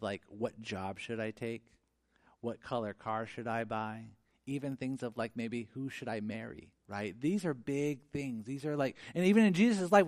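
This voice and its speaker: A man preaching a sermon in an animated, conversational way, often restarting his sentences. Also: medium pitch, no room sound, studio quality. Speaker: pastor.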